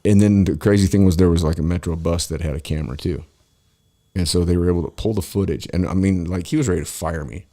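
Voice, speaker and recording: A man's voice: low-pitched, fast, mellow. A man in his forties telling a rambling, profane story in casual chat, full of fillers and restarts. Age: 40s. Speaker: podcast host.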